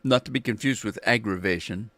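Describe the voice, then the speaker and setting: A man's voice: on the low side, a little fast, fairly bright tone, no room sound. A man casually commenting on his farming game livestream, chatting with his viewers, joking at himself and humming as he plays. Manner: chatty, self-mocking, talks to chat, hums while playing. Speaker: livestream gamer.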